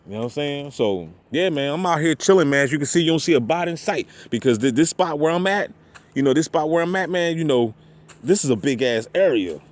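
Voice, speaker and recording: A man with a somewhat high-set voice rambles on outdoors in a loose vlog monologue. He swears constantly, leans on street slang, and keeps circling back with "you know what I'm saying." The talk is repetitive and stream-of-consciousness. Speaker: vlogger. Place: outdoors at a park parking area.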